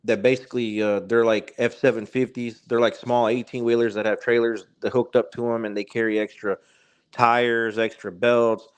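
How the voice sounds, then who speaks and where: A man's voice: medium pitch, little pitch movement, moderate pace, clean tone. A man, telling a spooky story as a podcast guest in a rambling way with many fillers and restarts. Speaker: podcast guest, truck driver. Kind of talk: casual storytelling.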